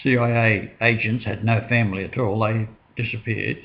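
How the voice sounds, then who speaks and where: A man in casual chat who pauses often and fills the gaps with hesitant fillers. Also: lowish voice, fairly even intonation, gravelly. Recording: dull lo-fi recording.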